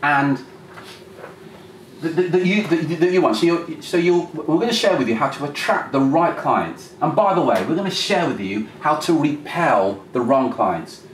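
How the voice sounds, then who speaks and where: A man presenting a live seminar to a room, lively and acting out phone calls. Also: a little high, normal speed. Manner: animated, acts out phone calls. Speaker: workshop presenter. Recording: roomy, distant mic, faint noise.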